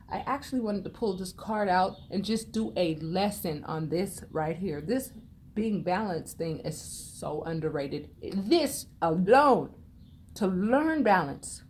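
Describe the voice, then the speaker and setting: A woman tarot reader in a blunt, unscripted vlog rant, sassy and profane, swinging from loud scolding to low murmurs. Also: slight background noise.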